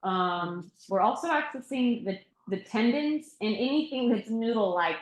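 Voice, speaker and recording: A woman teaching yoga and Thai bodywork in a relaxed, reflective way, laughing often during a group discussion. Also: fairly high pitch, measured pace. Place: yoga studio room. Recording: echoey room.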